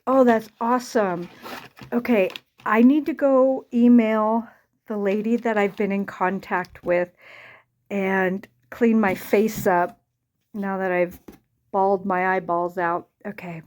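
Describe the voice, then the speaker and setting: A woman's voice: medium pitch, steady tone, slow pace, a little mellow, reverberant, distant mic. A woman vlogging casually about quilting, gushing and choked up with tears as she thanks a company. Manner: gushing, emotional, exclaims and gasps often. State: choked up, tearful. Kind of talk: casual unboxing vlog.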